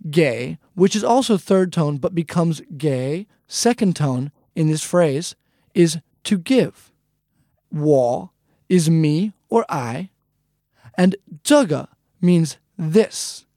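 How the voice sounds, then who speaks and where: A man's voice: a little high, lively intonation, takes it slowly, dark tone, dry recording. A man hosting a recorded language lesson, explaining phrases patiently and breaking them down step by step into a close microphone. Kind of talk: scripted lesson instruction.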